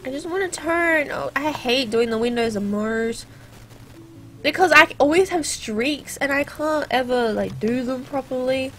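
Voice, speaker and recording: High-voiced, chatty teenage girl gamer. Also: measured pace, fairly bright tone, slight background noise. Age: teens. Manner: chatty, rambling, playfully sarcastic. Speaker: gaming channel host. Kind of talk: casual gameplay commentary.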